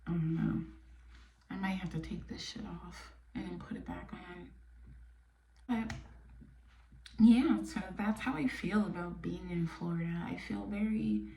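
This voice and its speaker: Podcast host, woman from New York, gravelly low voice, blunt and candid, recorded in an echoey room. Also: measured pace, pauses often, a little hiss or hum. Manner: candid and blunt, drifting into soft near-whispers. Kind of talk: casual personal monologue. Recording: echoey room, mic a bit distant.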